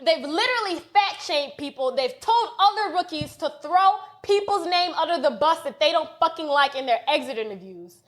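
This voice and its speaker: A woman in her late twenties with a high voice tells a story on a podcast in casual chat. She is blunt, heated and profane, and acts out what others said as she goes. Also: animated, normal speed, hardly any pauses, fairly bright tone. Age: late 20s. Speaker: podcast co-host. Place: podcast studio.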